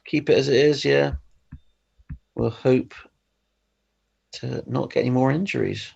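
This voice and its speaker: A man's voice: mid-range voice, a little slow, creaky, darkish tone, breathy edge, highs cut off. A man co-hosting casual chat on a football game stream, making dry, wry remarks. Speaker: co-host.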